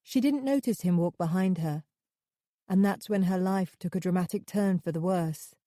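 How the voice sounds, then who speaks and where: A woman narrating a thriller audiobook in a measured, steady reading voice. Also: fairly low pitch, no room sound, studio quality.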